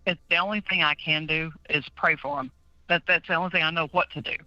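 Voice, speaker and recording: A woman's voice: low voice, steady tone, quick pace, pushed and bright, dry recording, soft background music. A woman calling in to a talk show who speaks outspokenly and laughs easily in casual chat. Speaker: caller. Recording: dull dry phone line.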